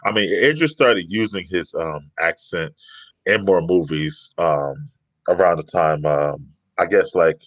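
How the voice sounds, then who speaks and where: An easygoing male co-host with a deep low voice, chiming in with quick agreements and laughs. The sound is close and dry. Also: fairly bright tone, no echo. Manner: agreeable, laughs often, short backchannels. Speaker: podcast co-host. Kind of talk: casual chat.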